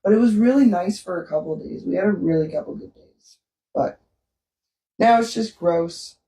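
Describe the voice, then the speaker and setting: At a normal speed and in a lowish, dark voice, a woman from Canada co-hosts a vlog, recounting a story casually with frequent laughter. She's far from the mic, and the room adds noticeable echo.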